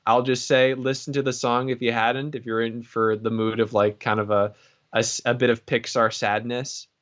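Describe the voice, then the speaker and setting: A man's voice: medium pitch, level tone, normal speed, a bit bright, muffled recording. A man co-hosting a podcast in casual chat, rambling and joking with plenty of fillers. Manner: rambling, jokey, lots of fillers. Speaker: podcast co-host.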